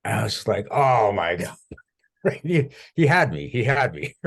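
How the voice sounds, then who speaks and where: A man in an interview, a coach telling animated stories and acting out the voices he quotes. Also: mid-range voice, a little slow, gravelly, husky. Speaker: guest coach. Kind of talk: conversational interview.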